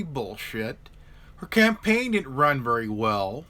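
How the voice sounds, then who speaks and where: A man's voice: high voice, big pitch swings, a little slow, bright, forceful tone. A man hosting a live stream, chatting casually about politics and stumbling over repeated words and restarts.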